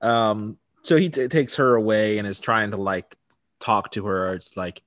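A man in a relaxed podcast chat, walking through an episode's plot with easy laughs. His voice sits at an ordinary pitch and sounds close and dry, with no room echo. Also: unhurried. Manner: laughs often, relaxed storytelling. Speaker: podcast co-host. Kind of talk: casual chat recapping a TV episode.

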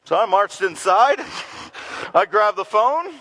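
A middle-aged male pastor preaching a sermon, telling a story with lively laughter and acted-out quotes. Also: high-pitched, slow pace, rough recording. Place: church gathering in a community center.

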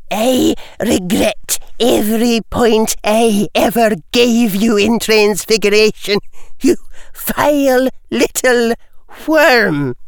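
A man's voice: very high-pitched, lively intonation, takes it slowly, dry recording, studio quality, pitched above the performer's own voice, full character voice. A man voicing a stern older woman professor with a Scottish accent, speaking firmly and with command. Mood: scornful. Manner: firm, commanding.

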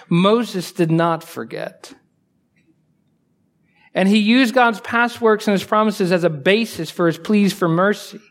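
A male pastor preaching a sermon in a conversational style, asking the congregation rhetorical questions and swinging between quiet asides and emphatic raised lines. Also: high-pitched.

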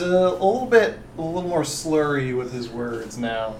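A man's voice: fairly high pitch, big pitch swings, a little mellow, roomy sound, recorded from a distance, slight background noise. Man running a tabletop game from afar. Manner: halting, with many fillers. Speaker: game master.

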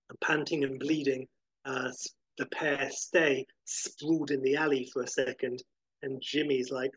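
A man hosting a podcast, narrating a screenplay pitch descriptively, with fillers and restarts. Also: slightly rough, lo-fi sound. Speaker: podcast host pitching a film.

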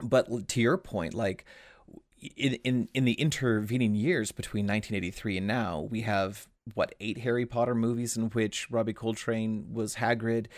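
A man's voice: lowish voice, no room sound. Male host, casual chat, eager and rambling, dry sound. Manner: excitable, rapid and rambling. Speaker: podcast host.

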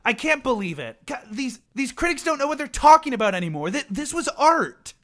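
A man's voice: high-pitched, lively intonation, moderate pace, bright, forceful tone. A man playing a wounded, touchy stage actor. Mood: indignant. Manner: defensive, indignant. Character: touchy male stage actor stung by a review.

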